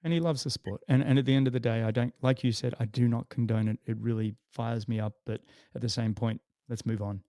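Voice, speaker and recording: A man hosting a podcast interview over a video call who answers his guest with quick, encouraging remarks. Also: medium pitch, fairly even intonation, dark tone, dry recording, studio quality. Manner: encouraging, quick back-channel replies. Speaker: podcast host. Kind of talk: interview conversation.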